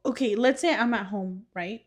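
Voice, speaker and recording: A woman's voice: mid-range voice, normal speed. A young woman co-hosting a podcast with her sisters, telling a story in casual chat, acting out what people said and laughing often. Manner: animated storytelling, acts out quotes, laughs often. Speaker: podcast co-host.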